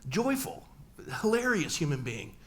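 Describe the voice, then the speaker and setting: A man's voice: sits high, big pitch swings, a little slow, slight background noise. Man preaching a personal story. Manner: storytelling, acting out family dialogue with humor. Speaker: pastor. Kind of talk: sermon. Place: church sanctuary.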